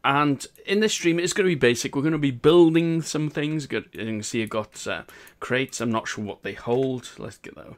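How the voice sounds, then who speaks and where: A chatty man with a Welsh accent hosts a game live stream. He talks in a casual, upbeat way and laughs a lot. His voice sits at an everyday middle pitch. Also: moderate pace, few pauses.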